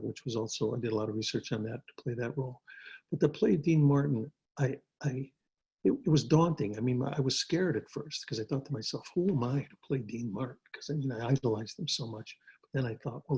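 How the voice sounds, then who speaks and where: Husky older man telling stories. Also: medium pitch, darkish tone, rough recording. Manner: rambling, repeats words, restarts often. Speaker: interview guest, actor. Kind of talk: casual storytelling interview. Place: home.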